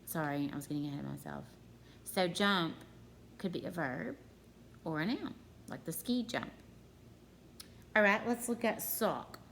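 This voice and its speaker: A woman's voice: low-pitched, expressive, unhurried, vocal fry, pauses often, fairly bright tone, a little hiss or hum. A woman in her thirties teaching a grammar lesson to her students at home, in a chatty way that talks straight to them.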